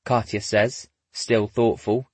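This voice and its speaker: Husky male narrator with wry asides. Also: fairly low pitch, flat delivery, takes it slowly, darkish tone, no room sound. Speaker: audiobook narrator. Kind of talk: scripted narration.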